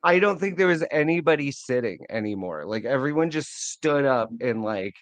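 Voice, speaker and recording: A man guesting on a podcast, telling an excited, profane story in casual chat. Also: mid-range voice, moderate pace, no room sound. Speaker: guest wrestling fan.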